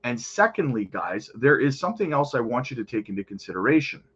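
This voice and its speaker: A man's voice: medium pitch, very animated, brisk, a bit bright, breathy edge, highs cut off. A man hosting a crypto channel, chatting casually over market charts and often calling out to his viewers.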